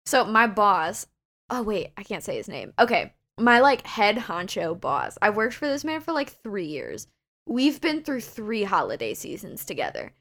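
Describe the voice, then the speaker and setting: A young woman co-hosting a casual podcast chat, telling stories in an animated way with lots of "like". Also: medium pitch, moderate pace. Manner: animated storytelling, full of "like". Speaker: podcast co-host.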